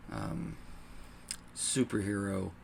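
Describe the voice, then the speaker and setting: A man co-hosting a casual podcast chat, relaxed and full of fillers, acting out scenes he retells. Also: low voice, slow, creaky, a little hiss or hum. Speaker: podcast co-host.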